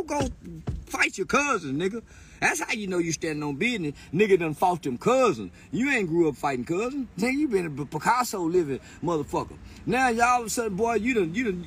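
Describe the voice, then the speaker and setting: High-voiced man in a taunting rant. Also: a little hiss or hum. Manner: crude, taunting, laughs often; repeats words in bursts. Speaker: commentator. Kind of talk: profane mocking rant.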